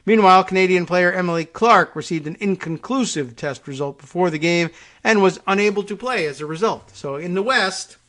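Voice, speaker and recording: Male talk host, wry, rambling, sarcastic asides, slightly higher voice. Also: fairly quick, a bit bright. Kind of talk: casual political talk show monologue.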